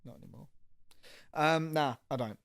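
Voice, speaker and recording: A young man, co-hosting a casual podcast chat. He rants bluntly and swears a lot, in a mid-pitched voice. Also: expressive, normal speed, vocal fry, a bit bright. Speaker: podcast co-host.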